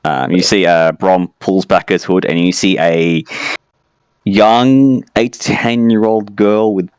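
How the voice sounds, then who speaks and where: Brief: male game master, very deep and smooth, hesitant narration with fillers, dry close sound. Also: fairly even intonation, slow, a little mellow, no echo.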